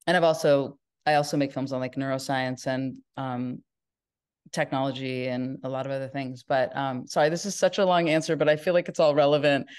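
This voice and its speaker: A woman's voice: a bass voice, little pitch movement, brisk, a little mellow, clean tone. A middle-aged woman from Northern California, a filmmaker guest in an interview, telling her story in a rambling way with many restarts.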